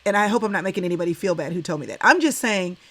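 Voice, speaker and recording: A woman in her forties hosts a relaxed talk over a video call, with a slightly low voice. She is affirming and laughs often. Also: rapid-fire. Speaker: host. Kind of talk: casual conversation.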